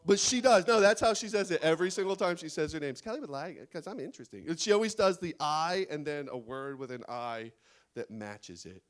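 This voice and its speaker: A man's voice: fairly high pitch, lively intonation, fairly quick. A man doing a stand-up comedy set on a small studio stage before a live audience, laughing at his own jokes.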